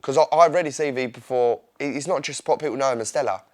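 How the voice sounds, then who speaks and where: A young man with an Essex accent, an interview guest who chats in a rambling, excitable way and laughs often. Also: mid-range voice, fast. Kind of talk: casual interview chat.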